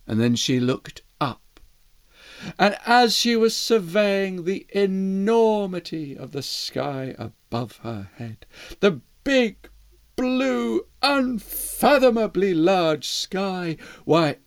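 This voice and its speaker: Bedtime storyteller: gentle, slow, lively intonation, soft guitar behind. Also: mid-range voice, no echo.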